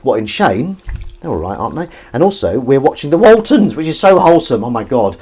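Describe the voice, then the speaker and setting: In his home kitchen, a vlogger washes up while chatting casually, rambling through film trivia and throwing asides to someone in the room. His voice is medium-pitched with big pitch swings and a quick pace, with a crowd in the background along with clinking dishes and cutlery.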